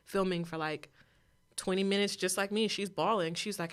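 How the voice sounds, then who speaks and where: A woman's voice: lowish voice, steady tone, fairly quick. A young woman as an interview guest, telling her story candidly and animatedly, acting out other people's voices as she goes.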